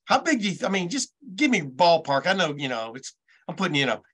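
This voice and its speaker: A man's voice: on the high side, very animated, quick pace, a bit bright, breathy edge. A man hosting a casual interview, asking questions with stammers and hesitations. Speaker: host.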